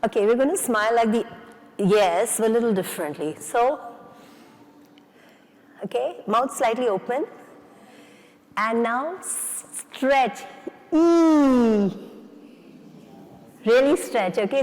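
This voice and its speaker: A woman with a fairly high voice leads a roomful of people through facial exercises, speaking slowly and unhurriedly. She coaxes and jokes with the audience as she gives each instruction. Her voice rings with the long reverb of a large conference hall. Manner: encouraging, coaxing and playful with the audience. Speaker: face yoga instructor. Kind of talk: leading a live exercise session.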